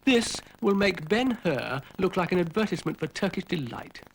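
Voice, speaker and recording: A man's voice: high voice, sing-song, moderate pace, a little hiss or hum, voice pushed up, low-quality recording. A man doing a lofty exasperated cartoon dog. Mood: pompous. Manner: grand, sighing, exasperated. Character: lofty, moody male dog, director. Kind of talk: storybook cartoon voice.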